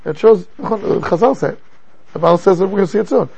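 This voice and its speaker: An older man teaching a class as a rabbi, lecturing in an animated way and asking rhetorical questions. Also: high-pitched, quick pace, creaky, breathy edge, dull audio.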